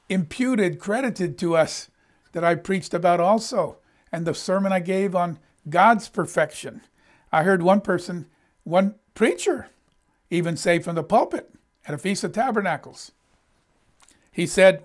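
A middle-aged male pastor preaching a sermon in an emphatic, conversational way. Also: sits high.

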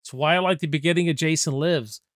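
Enthusiastic, smooth-voiced man in his forties. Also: a little high, fast talker, a bit bright, no echo, clean studio sound. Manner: enthusiastic, casual, swears freely. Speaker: movie review host. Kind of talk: casual movie discussion.

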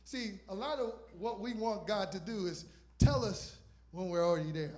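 A man's voice: sits high, normal speed, darkish tone. A man in his fifties preaching a sermon as pastor, emphatic, repeating lines for emphasis. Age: 50s. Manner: emphatic preaching with repetition and call-outs.

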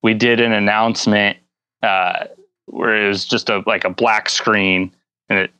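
A man who is a guest on a casual podcast, explaining things in a relaxed, halting way. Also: lowish voice, clean tone, dry recording.

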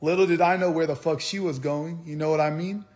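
A man's voice: on the high side, fairly even intonation, fairly quick, a little mellow. A young man telling a heated story on a livestream, swearing often and repeating himself as he rants. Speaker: streamer.

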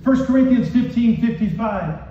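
A man's voice: very high voice, expressive, normal speed, a little hiss or hum. A man preaching a passionate sermon as pastor, calling out to the congregation as he goes. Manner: impassioned preaching with call-and-response. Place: church hall with congregation. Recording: echoey, distant, muffled hall recording.

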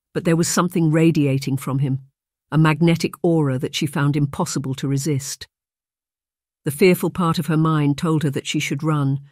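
A measured audiobook narrator reading a historical romance at a middle pitch. The read is close and dry, with no room sound. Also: darkish tone, no echo.

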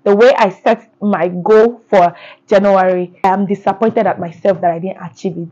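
A woman's voice: mid-range voice, fairly even intonation, moderate pace, dark tone. Bubbly woman vlogger, lo-fi sound. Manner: bubbly and effusive, laughing often. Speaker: lifestyle vlogger. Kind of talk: casual talk to camera.

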